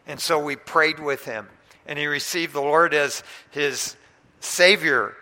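A man preaching a sermon, telling a story with animated delivery that swings between loud and hushed. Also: on the high side, measured pace. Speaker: pastor. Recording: long hall reverb.

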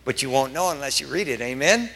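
A male pastor preaching a verse-by-verse sermon, emphatic and full of stories, his voice swinging up in excited bursts. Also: mid-range voice, quick pace, creaky, long reverb tail.

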